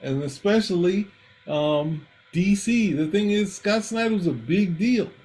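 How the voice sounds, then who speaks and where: Guy chatting comics, kinda higher voice, rambles and restarts a lot. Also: expressive, a little slow, a little mellow, rough recording. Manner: rambling, restarts often, acts out quotes. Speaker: comics podcast co-host. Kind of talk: casual chat.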